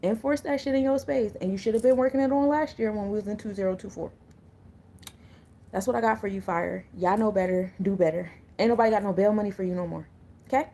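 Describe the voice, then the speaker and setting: A woman's voice: medium pitch, quick pace, mellow, slight background noise. A woman, an energy coach and tarot reader talking casually to her viewers, blunt and full of slang and joking asides. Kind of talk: casual spiritual reading to viewers.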